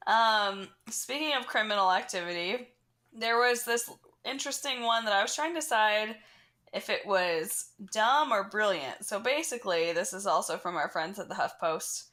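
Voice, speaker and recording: A woman co-hosting a podcast, telling stories in casual chat with a deadpan, profane delivery. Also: medium pitch, moderate pace. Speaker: podcast co-host.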